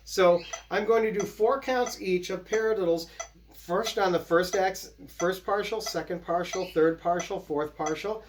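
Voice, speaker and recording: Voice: medium pitch, a little slow, slight background noise. A drum teacher giving a casual, explanatory lesson and counting out patterns while playing. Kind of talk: casual instructional demo. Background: loud snare drumming.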